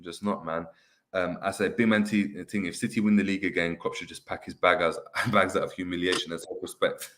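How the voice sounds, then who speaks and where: A young man, hosting a casual football chat and reading viewer comments aloud with animated banter. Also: low voice, a little fast. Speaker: host. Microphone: webcam on video call.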